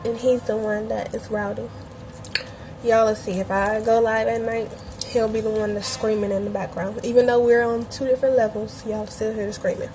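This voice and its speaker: A young woman from Cleveland who grew up in Atlanta, a bit hoarse, hosting a casual craft tutorial livestream and chatting loosely with her viewers. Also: a little high, level tone, moderate pace, dark tone, a little hiss or hum, low-quality recording. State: a bit hoarse, feels she is losing her voice.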